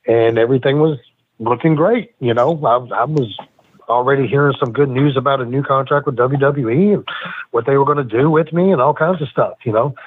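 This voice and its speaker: A man's voice: mid-range voice, narrow, tinny audio. A man guesting on a wrestling podcast, telling profane, heated stories and acting out the arguments he quotes. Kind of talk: casual storytelling interview.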